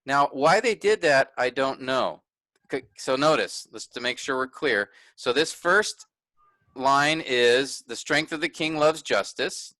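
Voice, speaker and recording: Male workshop teacher, clear bright tone, dry close sound, methodical explainer. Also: medium pitch, lively intonation, unhurried, no echo. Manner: pointing things out step by step, self-correcting. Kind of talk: explaining a text on screen.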